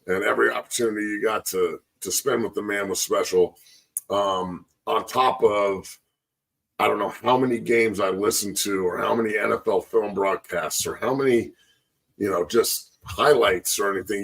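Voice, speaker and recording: A man's voice: fairly low pitch, gravelly, husky, distant mic, rough recording. A man hosting a casual sports talk show, reflecting in a rambling way and getting choked up. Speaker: sports show host, former player.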